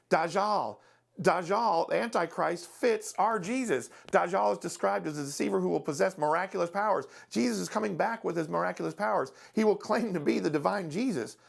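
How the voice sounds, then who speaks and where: A man with a somewhat high, gravelly voice leads a Bible study lesson. He talks in an emphatic, conversational way and often poses rhetorical questions to his listeners. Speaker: Bible teacher. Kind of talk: teaching a Bible study series.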